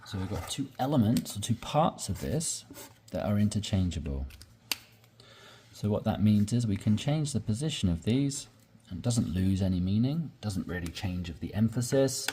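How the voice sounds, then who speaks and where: A man's voice: on the low side, expressive, normal speed, dark tone, slight background noise. A man teaching English conversation, explaining sentence structure step by step and often checking in with "right?".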